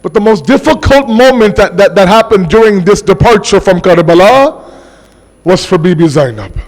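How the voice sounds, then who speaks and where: A man's voice: high-pitched, animated. Impassioned man preaching in an echoing hall. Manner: impassioned, slows down for emphasis. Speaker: majlis speaker. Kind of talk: mourning sermon. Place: large mosque hall. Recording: long mosque hall reverb.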